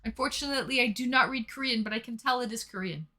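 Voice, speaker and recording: A young woman hosts a casual live stream from home, reading chat messages aloud in a chatty, playful way. Her voice is fairly high and sharp, and she talks at a quick pace.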